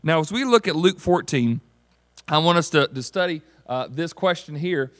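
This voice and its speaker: Man, pastor, conversational sermon, slightly high voice, dry close recording. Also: normal speed, dry recording. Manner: conversational, animated, asks the congregation questions.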